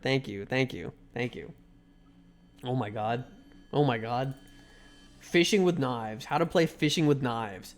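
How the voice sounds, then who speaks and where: Joking male streamer, higher voice. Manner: irreverent, joking, stops to thank chat. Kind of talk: casual live-stream commentary while reading a game aloud. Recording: faint music behind the voice.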